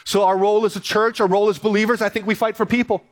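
Male pastor, high voice, sermon, reads scripture, repeats key lines for emphasis. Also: little pitch movement, very fast. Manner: reads scripture aloud, then preaches with emphatic repetition.

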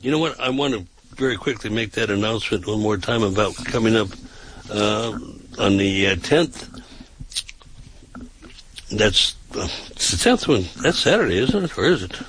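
A man hosting a talk show, making announcements and reading news aloud with casual asides, often pausing on filler sounds and restarting his sentences. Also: on the low side, expressive, a bit bright, a little hiss or hum, poor audio. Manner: halting, with frequent uh fillers and restarts.

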